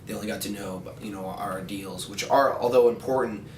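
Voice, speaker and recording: A man from an active fraternity chapter giving a measured interview answer, full of "you know" fillers. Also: fairly low pitch, echoey room, far from the mic, slight background noise.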